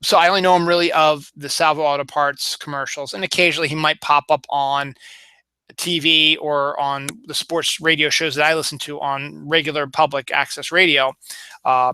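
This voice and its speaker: Bright, crisp man with a light Baltimore accent. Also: on the high side, no echo. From Baltimore, Maryland. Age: 40s. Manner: rambling, many fillers and restarts. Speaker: podcast host. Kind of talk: solo casual chat.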